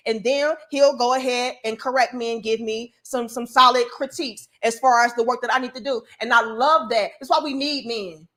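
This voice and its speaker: A high, bright-toned woman. She delivers a casual but preachy opinion monologue with plenty of emphasis. Her voice sits well above the usual range. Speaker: commentary show host.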